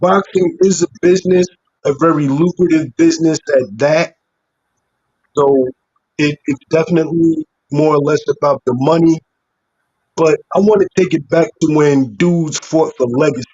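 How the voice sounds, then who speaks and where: A man's voice: on the high side, moderate pace, darkish tone, breathy edge, muffled recording. A man, a regular guest on the show, talking about boxing in an easygoing, slangy way. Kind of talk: casual call-in chat.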